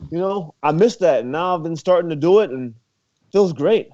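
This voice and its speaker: Guest: young man, slightly high voice, easygoing and chatty, muffled lo-fi sound. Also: expressive, normal speed, mellow. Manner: laid-back, laughing, filler-heavy talk. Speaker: guest, former college wrestler. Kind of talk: casual interview chat. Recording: muffled lo-fi recording.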